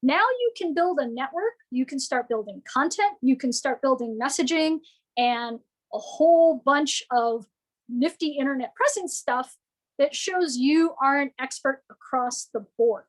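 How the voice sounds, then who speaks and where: A woman giving a lively, playful presentation to business owners, often acting out what customers might say. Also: high voice, unhurried, low-quality recording.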